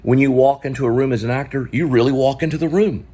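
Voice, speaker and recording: A man vlogging about acting technique, rambling and asking the viewer quick questions. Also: medium pitch, warm tone. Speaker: vlogger and actor teaching acting. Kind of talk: casual acting talk to camera.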